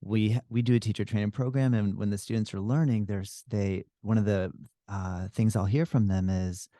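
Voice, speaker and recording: A man hosting a casual podcast interview, relaxed and affirming, with many fillers. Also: lowish voice, normal speed, dry recording, studio quality. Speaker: podcast host and yoga teacher.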